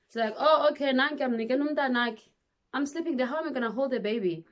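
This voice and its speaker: Woman, young adult, casual storytelling vlog, animated, slightly high voice. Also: quick pace. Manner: animated, laughing while telling a story. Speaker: vlogger.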